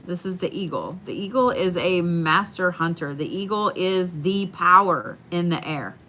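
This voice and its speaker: A woman giving a live tarot card reading from home, speaking slowly and soothingly and repeating her reassurances. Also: fairly low pitch, bright, forceful tone. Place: home, indoors.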